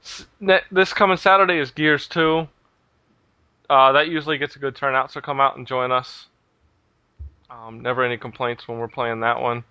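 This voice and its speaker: A man hosting a casual gaming podcast, talking in a relaxed, rambling way with lots of fillers. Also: mid-range voice, moderate pace, clean tone, no echo, lo-fi sound. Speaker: podcast host.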